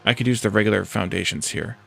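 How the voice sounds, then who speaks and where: A lowish, creaky voice that's bright and forceful moves at a quick pace, with faint music behind it. The man streams a building game, tossing out casual let's-play commentary, reacting to chat, and coaching himself through every step.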